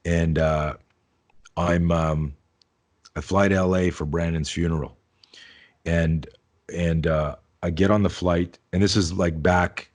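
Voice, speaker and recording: A self-defense teacher in his fifties, appearing as a podcast guest, tells an animated story, performing the dialogue and swearing freely. His voice is low and slow, broken by long pauses.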